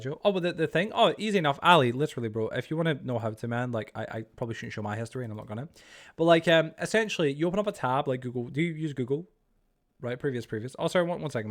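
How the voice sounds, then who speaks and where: A man live-streaming a game, chatting casually with friends, rambling with lots of "like" and "bro" and teasing them. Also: mid-range voice. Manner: joking and teasing. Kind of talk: casual live-stream chat while playing.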